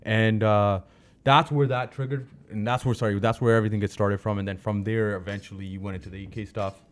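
A man's voice: fairly low pitch, fairly even intonation, a little fast. A man from Canada, a comedian and chef, telling stories as a guest in a casual interview, loose and slangy with many restarts.

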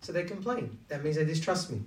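Animated and brisk, a man with a higher-leaning voice gives a conversational sermon, constantly asking his listeners rhetorical questions to draw them in. The sound is echoey, and he's distant from the mic.

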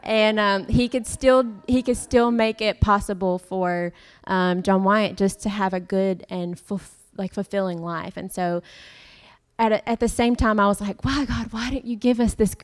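A woman's voice: mid-range voice, steady tone, measured pace, smooth. A young woman giving a heartfelt personal testimony in church, rambling a little with fillers and restarts.

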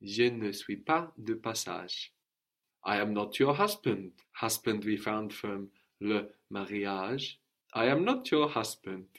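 A man's voice: on the low side, animated, slow pace, a bit bright. A man teaching a French lesson, explaining patiently and repeating each phrase for his student. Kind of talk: language lesson.

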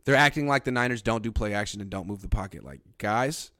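A man's voice: on the low side, fast, pushed and bright, no echo, clean studio sound. A man hosting a casual sports talk show, blunt and sarcastic, reading viewer comments aloud. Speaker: podcast host.

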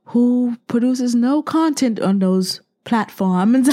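A woman co-hosting a podcast in casual chat, blunt and profane, quick to launch into dismissive rants. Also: fairly high pitch, dark tone. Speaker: podcast co-host.

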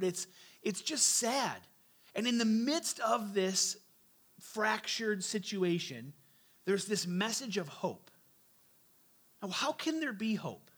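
A man's voice: high-pitched, a bit bright. A man in his forties preaching a sermon in a loose, conversational way, with asides to the congregation. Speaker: pastor.

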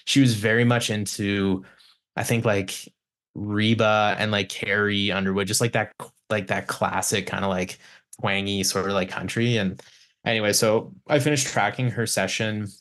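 A man tells stories from the recording studio in a loose, rambling way. He restarts his sentences often and swears a lot. His voice sits fairly low. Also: steady tone, normal speed, a bit bright. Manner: rambling, many restarts, swears, mimics clients. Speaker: guest, recording engineer. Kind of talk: casual podcast chat, storytelling.

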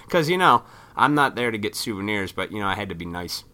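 A man with a low voice that still sounds bright and forceful tells a long, rambling story in a casual way. His talk is loose, full of swearing, and he keeps jumping into other people's lines with lively quoted voices. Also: fairly quick. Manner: profane, rambling, animated retelling.

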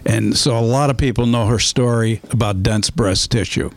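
A man is a guest on a radio talk show, speaking in a studio. He talks in a measured, unhurried way and pauses often on "uh" as he gathers his thoughts. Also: mid-range voice. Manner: measured, hesitant with fillers. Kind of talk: radio interview.

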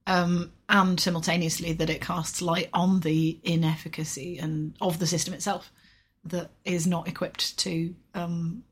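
A woman co-hosting a podcast, speaking in a measured, analytical, dry way. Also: lowish voice, little pitch movement, slightly rough. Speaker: podcast co-host. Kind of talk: casual podcast discussion.

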